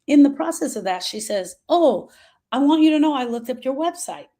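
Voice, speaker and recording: A woman's voice: sits high, animated, mellow. Earnest, confiding middle-aged woman. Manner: earnest, confiding, slows down on emotional points. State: emotional, short of breath at moments. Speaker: grief specialist. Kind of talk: personal talk to followers.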